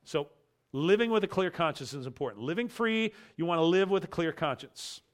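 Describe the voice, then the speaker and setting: A man's voice: a little high, animated. Emphatic preacher, a man. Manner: emphatic, repeats key phrases, slows for stress. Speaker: pastor. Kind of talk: expository sermon.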